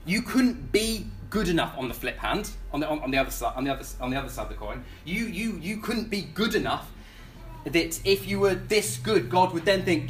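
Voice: mid-range voice, big pitch swings, brisk. A preacher delivering a sermon in a casual, conversational way, often repeating words and putting questions to the congregation.

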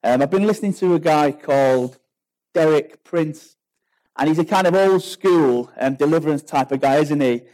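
A British man preaching in a loose, conversational way, voice sitting fairly high for a man. He spins anecdotes, stumbles and restarts often, and keeps asking his listeners rhetorical questions. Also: moderate pace, darkish tone, low-quality recording. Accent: British English. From Britain. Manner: chatty, storytelling, with frequent restarts and rhetorical questions. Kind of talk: informal sermon.

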